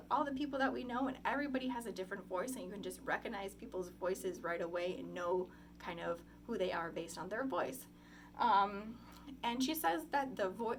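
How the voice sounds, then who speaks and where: A woman's voice: medium pitch, a little hiss or hum. A young woman giving a class oral presentation, talking casually with many ums and likes. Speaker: student presenter.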